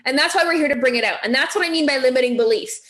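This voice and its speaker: A woman's voice: high voice, racing, a bit bright, echoey room. A woman leading a weight-loss coaching session, encouraging and asking the group direct questions. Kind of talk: motivational group talk.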